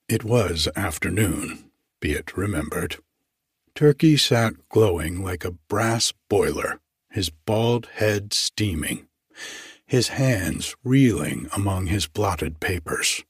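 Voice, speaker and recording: A man reading a classic story aloud in a deliberate, formal narrating manner. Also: lowish voice, lively intonation, breathy edge, no room sound, clean studio sound. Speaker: audiobook narrator.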